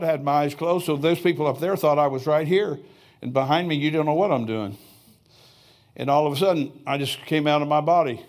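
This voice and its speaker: Folksy older preacher man. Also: on the high side. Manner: folksy storytelling, chuckling asides. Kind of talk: sermon. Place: church sanctuary.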